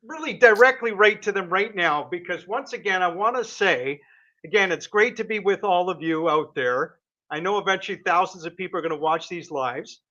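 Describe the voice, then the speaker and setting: Bright, effusive male guest on lo-fi audio. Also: sits high, normal speed. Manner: effusive, speechifying. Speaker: panel guest. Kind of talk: casual livestream chat. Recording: dull lo-fi call audio.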